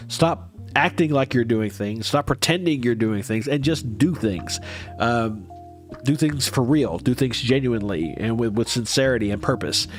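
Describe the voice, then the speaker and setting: A man hosting a casual livestream, chatting with viewers in a rambling, hesitant way with many restarts, his nose a bit stuffy. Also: medium pitch. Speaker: livestream host.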